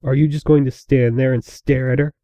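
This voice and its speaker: A man's voice: medium pitch, fairly even intonation, a little fast, warm tone, no echo, close to an everyday voice. A man voicing a bitter, protective male chaos spirit who talks curtly and with spite. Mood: angry. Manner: curt, spiteful.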